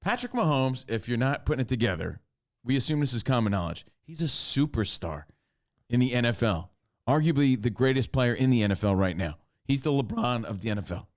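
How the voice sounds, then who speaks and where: A man's voice: medium pitch, animated, fairly quick. A man co-hosting a casual sports talk show, arguing and cracking jokes with his partner. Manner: joking, argumentative, teasing back and forth. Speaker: co-host.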